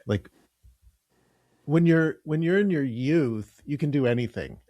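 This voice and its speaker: A man's voice: on the high side, animated, unhurried, dark tone, dry recording. A man hosting an interview podcast, asking questions in an easygoing way and laughing readily. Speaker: podcast host. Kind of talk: conversational interview.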